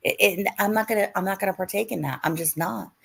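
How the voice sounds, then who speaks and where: A woman's voice: medium pitch, fast talker, gravelly, breathy edge. A woman on a live stream defending herself in an argument, curt and swearing.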